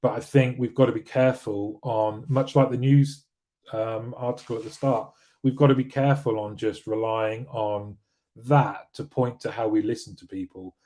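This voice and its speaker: A man's voice: mid-range voice, steady tone, normal speed, dark tone. A man hosting a weekly live show, chatting casually and rambling, with frequent restarts and fillers. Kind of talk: casual live-stream talk, reading viewer comments.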